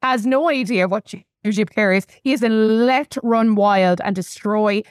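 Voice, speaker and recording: A woman's voice: medium pitch, unhurried, no echo. A young woman hosting a casual pop culture podcast, chatty and gushing, swearing freely with big reactions. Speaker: podcast host.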